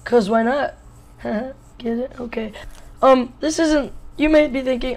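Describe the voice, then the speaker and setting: A boy in his early teens from Wisconsin tells a storytime vlog in a slightly hoarse voice. He jokes and rambles, filling his talk with "like.". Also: extremely high pitch, a little slow, low-quality recording. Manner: jokey, rambling, lots of "like" fillers. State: a little hoarse. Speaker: vlogger.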